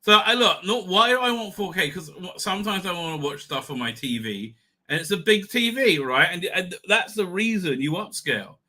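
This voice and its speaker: Man, middle-aged, bright tone, a little high, tipsy, rambling casual stream chat. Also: lively intonation. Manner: rambling, halting, many restarts. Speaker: live stream host.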